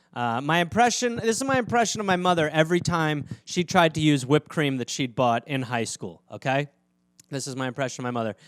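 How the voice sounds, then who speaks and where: Brief: male comedian, high lively voice, solo sarcastic rant, dry close mic. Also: dry recording. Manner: rambling, sarcastic, mock-outraged. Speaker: comedy podcast host. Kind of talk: solo comedic riffing monologue.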